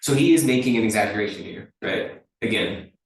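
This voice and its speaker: A man's voice: on the low side, a little fast. Man teaching in a very echoey hall. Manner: conversational, often checks in with "right?". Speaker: Buddhist teacher. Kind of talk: dharma teaching talk. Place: teaching hall at a dharma center. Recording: very echoey room, mic far off.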